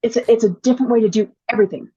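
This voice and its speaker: A woman guest who coaches speakers, talking in an enthusiastic, quick way as a conversation guest. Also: on the high side, mellow, husky, dull audio. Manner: enthusiastic, fast, laughs easily. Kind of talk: casual conversational interview.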